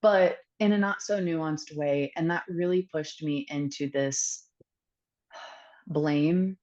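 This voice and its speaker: A woman telling a candid personal story as a podcast guest, earnest and reflective, pausing often with fillers. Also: sits low, a little mellow, lo-fi sound.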